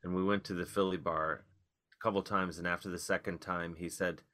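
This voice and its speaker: A man, a comedian guest, telling rambling, wry stories in casual podcast chat with animated outbursts. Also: low voice, fairly quick.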